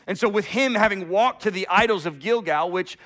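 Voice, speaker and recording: A middle-aged man preaching a sermon as pastor, telling the story with animation, rising loud and dropping to a hush, often repeating words as he starts a thought. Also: sits high, a little fast.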